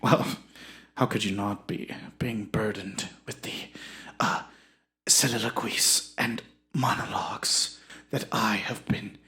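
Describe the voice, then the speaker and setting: A performer voicing a pompous, self-important Shakespearean actor who talks in a hushed, breathy, halting way in a comedy podcast sketch. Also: medium pitch, fairly even intonation, pitched below the performer's own voice. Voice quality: hushed and breathy, drifting into a whisper. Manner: pompous, grandiose, hesitant with many ums.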